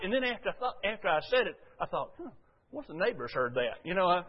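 An older man preaching a sermon as pastor, telling folksy stories and swinging from loud to quiet. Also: high voice, lively intonation, fast, slightly rough. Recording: dull lo-fi sound.

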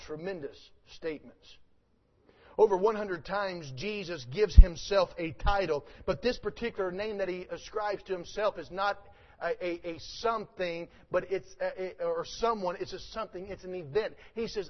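A man's voice: fairly high pitch, normal speed, muffled recording. A man preaching a sermon, reading scripture aloud and then preaching it with rising, emphatic force.

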